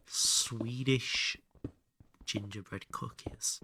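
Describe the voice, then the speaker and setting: A man's voice: lowish voice, normal speed, noisy background. A man chatting casually with his viewers while playing a game, joking and bantering, now and then muttering under his breath. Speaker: streamer. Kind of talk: casual live-stream chat while gaming.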